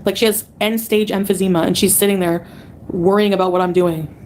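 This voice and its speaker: A woman's voice: medium pitch, steady tone, brisk, a little mellow, a little hiss or hum. Ranting woman on a livestream. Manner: angry, mocking, talks back to chat. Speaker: streamer being reacted to. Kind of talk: heated livestream rant.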